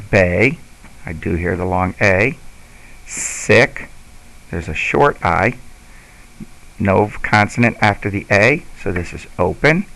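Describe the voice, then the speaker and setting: A man with a low, gravelly voice teaches a lesson. He explains patiently and slowly, step by step, like a teacher guiding parents and students. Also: fairly bright tone, low-quality recording. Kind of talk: instructional lesson.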